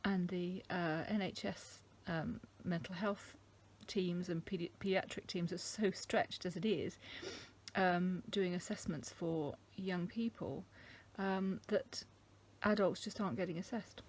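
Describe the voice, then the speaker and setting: A middle-aged woman from England talking casually to camera, thoughtful and halting, with many ums. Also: on the low side, steady tone. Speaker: vlogger. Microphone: camera mic.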